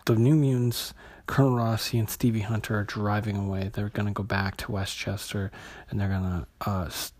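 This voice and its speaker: Man for a comic review vlog: husky voice, halting delivery with lots of ums and restarts. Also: lowish voice, little pitch movement, darkish tone. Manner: hesitant, many fillers and restarts. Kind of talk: casual spoken review.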